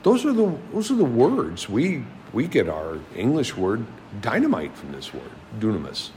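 Animated male preacher asking rhetorical questions. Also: mid-range voice, moderate pace, a little hiss or hum. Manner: asks the audience many rhetorical questions. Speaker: preacher teaching a Bible class. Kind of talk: sermon.

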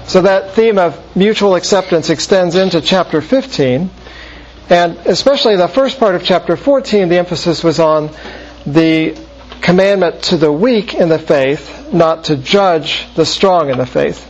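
A man works slowly through a scripture passage in a sermon, explaining as he goes. He pauses often mid-phrase in a measured way. His voice sits somewhat high and comes through a dull, lo-fi recording. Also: lively intonation, slight background noise. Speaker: preacher. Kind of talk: expository Bible teaching. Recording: muffled lo-fi recording.

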